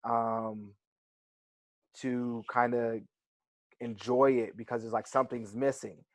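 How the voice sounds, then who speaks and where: This young man, a wrestler, speaks slowly in a medium-pitched voice with little pitch movement, recorded without room sound. He's reflecting and telling stories in a relaxed interview, full of "like" and "right."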